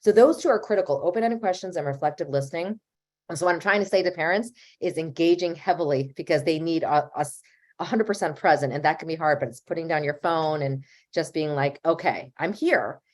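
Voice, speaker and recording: A woman's voice: sits low, fast talker. A woman family therapist speaking on a webinar panel, giving earnest advice to parents and sometimes acting out what a parent or child might say. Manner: earnest, advisory, acts out parent and child lines.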